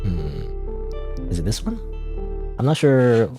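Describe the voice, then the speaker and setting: Rambling male streamer, lively pitch. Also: slow, over music. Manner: rambling, self-doubting, frequent fillers and laughs. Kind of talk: casual gaming livestream chat.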